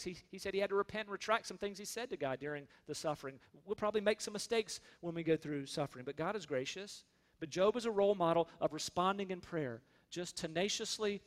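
A man's voice: sits high, in a large hall. A man preaching a sermon in an earnest, conversational way, speaking his prayers aloud. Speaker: pastor.

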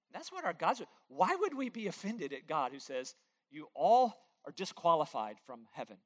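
A man preaching a sermon as pastor, pleading with his listeners, moving between loud emphatic lines and hushed, quiet ones. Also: fairly high pitch, very animated, normal speed.

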